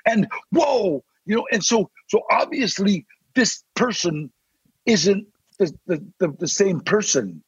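An older man, a podcast guest, telling animated stories in a casual interview and acting out the voices he quotes. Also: high voice, takes it slowly, dry recording. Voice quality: gravelly, husky. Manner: animated, acts out quoted voices, growls threats. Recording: dry, slightly dull sound.

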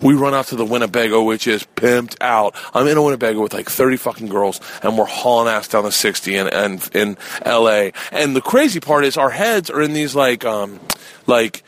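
A man's voice: medium pitch, fairly quick, fairly bright tone, slight background noise. A middle-aged man hosting a podcast, telling a rambling, profane comic story in a casual way. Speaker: podcast host. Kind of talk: comedic storytelling.

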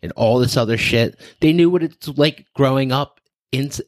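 A man co-hosting a podcast in casual chat, animated and swearing freely. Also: medium pitch, moderate pace. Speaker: podcast co-host.

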